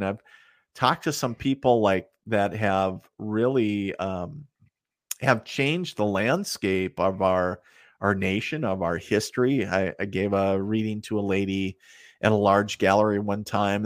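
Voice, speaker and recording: A man's voice: fairly low pitch, unhurried, dry recording, clean studio sound. A middle-aged man, a psychic medium, telling stories in a casual, rambling way, with many fillers and asides, laughing at his own tales. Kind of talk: casual storytelling in an interview.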